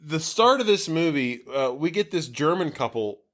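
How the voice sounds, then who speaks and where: A man's voice: fairly high pitch, animated, moderate pace, a bit bright. Rambling podcast man recapping a movie. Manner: rambling, loose recap with many fillers. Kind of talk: casual chat. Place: basement.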